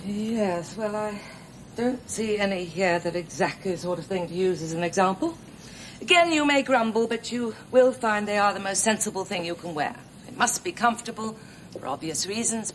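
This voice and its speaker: An actress playing a nursing tutor who lectures new students in a brisk, chatty way with small laughs. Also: female voice, medium pitch, slight background noise, lightly acted, rough recording. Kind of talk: scripted TV drama acting.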